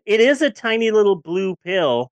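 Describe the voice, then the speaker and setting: A woman's voice: mid-range voice, big pitch swings, normal speed, no echo. Candid woman in her forties, dry sound. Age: 40s. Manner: candid, rambling, with frequent restarts. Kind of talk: casual podcast chat.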